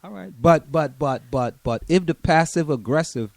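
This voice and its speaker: A man's voice: on the high side, expressive, moderate pace, gravelly, darkish tone. A man with a Trinidadian accent co-hosting a casual chat, stammering and repeating words as he defends himself. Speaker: co-host.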